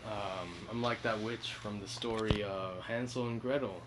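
A young man co-hosting a casual podcast, joking and rambling, often breaking into loud laughter. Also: lowish voice, fairly even intonation, normal speed, heavy background noise. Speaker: podcast co-host. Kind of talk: casual chat.

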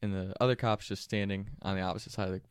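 A young man telling a story casually, animated and profane, often laughing mid-telling. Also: sits low, very fast, clean tone, no room sound, clean studio sound.

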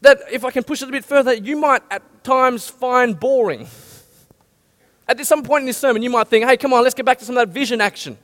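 A male pastor preaching a lively sermon and asking his listeners many questions. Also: extremely high pitch, fairly quick. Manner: animated, asks the audience many questions. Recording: long hall reverb.

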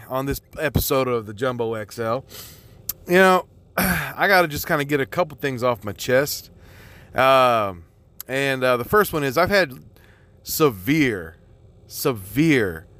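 A man's voice: medium pitch, expressive, slow pace, fairly bright tone, no room sound. A man hosting his own podcast, ranting in an exasperated, rambling way with constant swearing and lots of fillers. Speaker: podcast host. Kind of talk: profane solo podcast rant.

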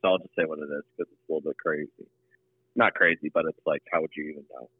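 A man's voice: a bass voice, steady tone, quick pace, husky, no room sound. A man co-hosting a casual gaming chat, matter-of-fact as he reads out game stats. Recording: dry, phone-like call audio.

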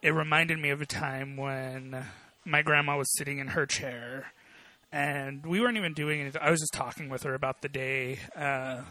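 A man's voice: mid-range voice, steady tone, normal speed, pushed and bright, no echo. A man co-hosting a casual chat, telling a personal memory in an earnest, reflective way with many hesitations.

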